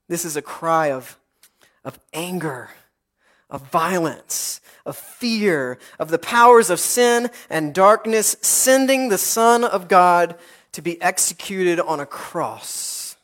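High-voiced man preaching an earnest sermon. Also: a bit bright. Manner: earnest, rhythmic repetition with dramatic pauses. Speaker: pastor.

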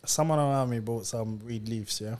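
A man's voice: mid-range voice, normal speed, slight background noise. A young man, telling a story in a casual podcast chat and laughing as he goes. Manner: animated, laughing storyteller using slang. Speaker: podcast co-host.

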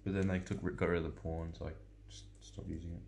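A man in his thirties co-hosts a loose podcast chat in a lowish voice with a creaky edge. He sounds offhand and blunt, and often drops his voice into mumbled asides. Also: flat delivery, fast, darkish tone, a little hiss or hum. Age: 30s. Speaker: podcast co-host.

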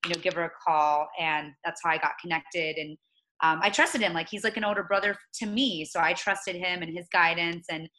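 A woman in her late twenties speaking as an interview guest, earnest and reflective, often pausing and restarting. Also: on the low side, fairly even intonation, pushed and bright, rough recording. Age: 20s. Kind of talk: conversational interview.

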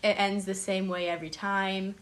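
A woman's voice: medium pitch, little pitch movement, normal speed, a bit bright. A young woman on camp staff, telling a story in a playful, giggly casual way. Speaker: camp summer staff member. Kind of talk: casual chat.

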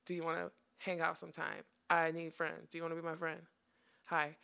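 Chatty young woman, bright gravelly voice. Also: sits low, flat delivery, a little fast. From United States. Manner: chatty, laughing, wry storytelling. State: tired. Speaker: podcast host. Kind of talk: casual chat.

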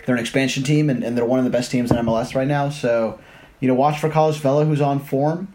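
Mid-pitched male co-host, animated and chatty, casual football podcast. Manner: animated, quick to correct pronunciation. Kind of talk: casual sports chat.

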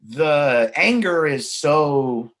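A man with a voice on the higher side speaks candidly in conversation. He tells a personal story in a frank, reflective way, dropping swear words freely and halting to find his words. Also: expressive, a bit bright.

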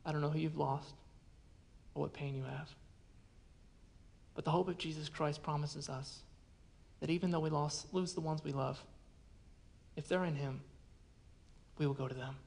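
Gravelly earnest man preaching. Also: on the high side, fairly even intonation, moderate pace, pauses often. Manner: earnest personal storytelling, often dropping to a hushed voice. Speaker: pastor. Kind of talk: sermon.

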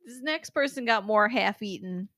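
A woman's voice: mid-range voice, moderate pace, fairly bright tone, dry recording, clean studio sound. A young woman co-hosting a podcast as a hair stylist, chatting casually, laughing often and speaking bluntly. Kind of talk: casual chat.

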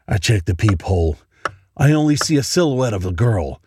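A man reading a horror story aloud in a slow, dramatic, dread-filled way. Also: on the low side, sing-song, dark tone, breathy edge, dry recording, studio quality. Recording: noisy home recording.

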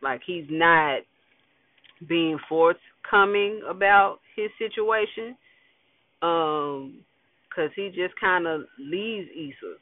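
A man's voice: a little high, slow, no room sound. Slangy man recapping over tinny audio. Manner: slangy, laid-back, wry, with fillers and asides. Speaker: TV episode recapper. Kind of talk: casual recap commentary. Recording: dry tinny phone-like audio.

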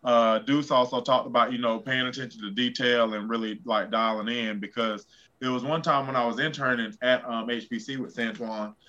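A man's voice: mid-range voice, brisk, highs cut off. A man who coaches football telling a story in casual chat, full of fillers. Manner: energetic storyteller, many fillers.

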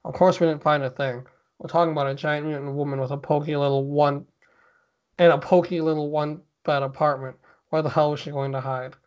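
A podcast co-host with a slightly high, darkish voice reads a spooky story briskly and with fairly even intonation, adding mock drama. Now and then he pauses to laugh and chat, all in dull lo-fi audio.

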